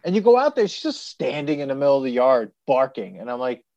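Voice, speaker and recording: A man's voice: medium pitch, quick pace, lo-fi sound, slight background noise. A man co-hosting a podcast, chatting casually and acting out little scenes as he tells stories. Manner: animated storytelling with acted-out voices. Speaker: podcast co-host. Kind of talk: casual chat.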